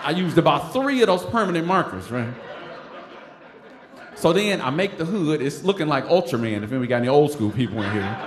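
A man, a stand-up comic telling a funny story live on stage, animated and laughing as he acts out other voices. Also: a little high, fairly quick. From Detroit. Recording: roomy stage sound with noise.

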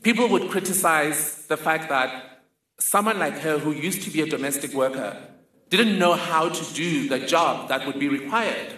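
A man's voice: on the high side, sharp tone. A man telling a funny, vivid personal story in a talk. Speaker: speaker. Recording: roomy echoing hall.

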